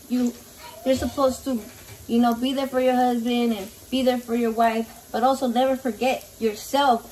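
A woman's voice: on the high side, a little mellow. A Mexican-American woman in her thirties who mixes in Spanish, chatting and rambling in a foul-mouthed way while she cooks in her home kitchen. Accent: Mexican-American, mixing in Spanish. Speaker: cooking vlogger. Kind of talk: casual cooking vlog chat. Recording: slightly distant mic, faint background noise.

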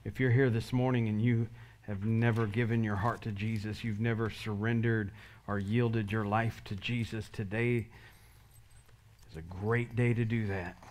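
A man's voice: fairly low pitch, little pitch movement, normal speed, a little mellow, a little hiss or hum. A male pastor giving an earnest sermon altar call, leading the congregation in prayer line by line. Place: church sanctuary.

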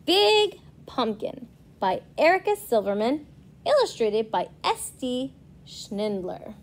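A woman reading a picture book aloud to young children as a preschool teacher, asking them questions as she goes. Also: a little high. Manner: slow, lively storytelling, asking children questions.

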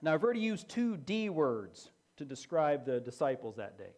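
A man's voice: fairly high pitch, big pitch swings, normal speed, a little mellow. A man preaching a sermon as pastor, emphatic and repeating key phrases for effect.

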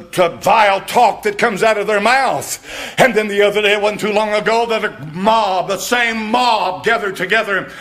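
Male pastor, high and bright, preaching with rising shouts and repeated words. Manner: swings from soft reading to shouting, repeats words for emphasis. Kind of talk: fiery sermon.

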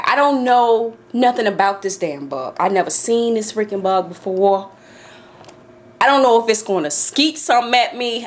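A woman vlogging to camera from her home office, swearing, laughing nervously and shrieking in fear. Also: on the high side. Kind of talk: casual vlog to camera.

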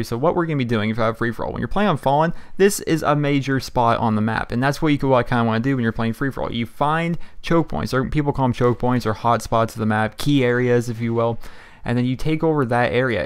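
Man, gaming YouTuber, rapid casual commentary, chatty and rambling, mid-range voice. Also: medium pitch, clear, resonant tone. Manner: rambling, chatty, frequent fillers and restarts.

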